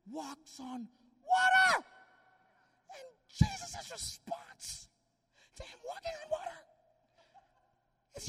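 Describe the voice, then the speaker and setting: A man preaching an energetic, humorous sermon, shouting for emphasis and joking with the crowd. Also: very high voice, normal speed, long pauses, in a large hall.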